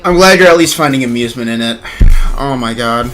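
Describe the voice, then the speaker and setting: A man's voice: medium pitch, fairly quick, fairly bright tone, faint music behind. A young man streaming a game, ranting with heavy swearing about the story, then apologizing for getting heated. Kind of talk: casual livestream chat while gaming.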